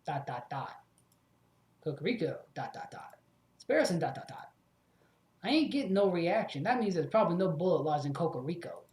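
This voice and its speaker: A man's voice: fairly high pitch, very animated, fairly quick, a little mellow. A man voicing a meek, clumsy male sparrow assistant with a hesitant, folksy way of talking, in an echoey room.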